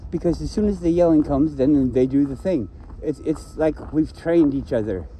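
A man's voice: a little high, dark tone, a little hiss or hum, poor audio. A man ranting to himself in a rambling solo vlog, swearing often and complaining. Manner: profane, complaining, talks to himself. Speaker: vlogger.

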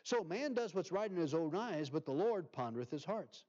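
A male pastor preaching a sermon, reading scripture aloud and swinging from loud emphasis to soft near-whispers. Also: a little high, sing-song, normal speed, highs cut off.

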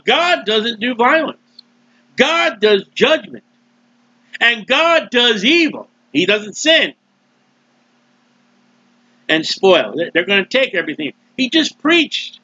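A man preaching a sermon loudly and emphatically, with mocking asides and sudden swings in his voice. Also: sits high, slightly rough, no room sound, highs cut off. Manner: mocking asides and short laughs. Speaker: street preacher.

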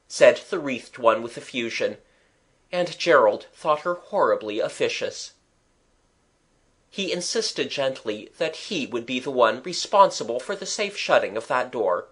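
A man with a medium-pitched voice narrates a chapter of a children's audiobook, telling the story in a measured, expressive way.

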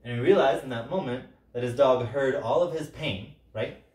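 Speaking at a medium pitch and normal pace, a man of Sicilian background facilitates a workshop in a casual, animated way. He acts out quoted lines loudly with lots of energy and keeps asking "right?", and the audio is roomy and distant.

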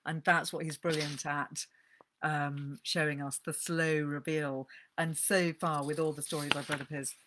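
A woman's voice: sits low, little pitch movement, unhurried, fairly bright tone, a little hiss or hum. A woman giving an enthusiastic, chatty talk on books to a live audience. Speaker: speaker giving a book talk.

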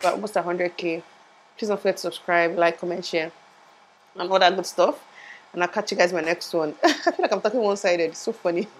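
A young woman talks to her viewers in a rambling, chatty way, often laughing at herself. Her voice sits on the low side and is a little muffled, as she is still sore from a tooth surgery. It is recorded close on a lapel mic. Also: brisk. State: in pain after tooth surgery, speech a bit muffled. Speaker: vlogger. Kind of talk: casual vlog chat.

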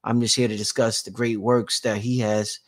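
A man hosting a casual livestream, reading out chat shout-outs and talking informally, often repeating himself and swinging between loud and quiet. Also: on the low side, little pitch movement. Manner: informal, drawn-out, repeats phrases. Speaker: livestream host.

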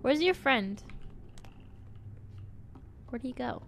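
A young woman streaming a horror game, chatting playfully and cooing to an in-game companion, swinging from quiet muttering to excited squeals. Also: high voice, extremely slow, vocal fry, a little hiss or hum. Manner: playful, talks baby-talk to a game companion. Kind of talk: casual gameplay commentary.

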